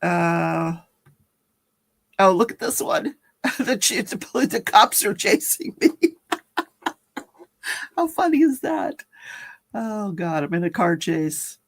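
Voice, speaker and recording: A chatty woman hosts a casual livestream, giggling often as she reads out viewer comments and reacts to them. Her voice has a gravelly, creaky edge and sits at an ordinary middle pitch. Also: very animated, takes it slowly, long pauses. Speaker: livestream host. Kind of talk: casual live-stream chat.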